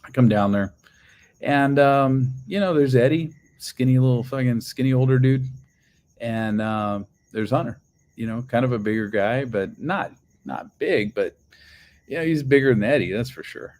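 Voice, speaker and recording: A man's voice: mid-range voice, normal speed, a little mellow. A man casually telling a long personal story, rambling with lots of fillers and swearing. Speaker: channel host.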